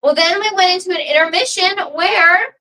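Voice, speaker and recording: A woman's voice: very high-pitched, normal speed, sharp tone, far from the mic, rough recording. A woman co-hosting a casual chat stream, agreeable and hedging her opinions. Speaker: co-host of a wrestling recap stream.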